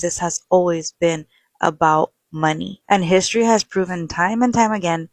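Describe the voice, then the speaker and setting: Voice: mid-range voice, dry recording. A commentator speaking earnestly and insistently in a social media video.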